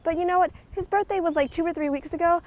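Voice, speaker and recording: A woman's voice: very high-pitched, fast, a little mellow, poor audio. A young woman rambling in a chatty walking vlog, full of fillers and a little out of breath from walking outdoors. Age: young adult. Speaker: vlogger. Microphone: handheld recording device with clip mic.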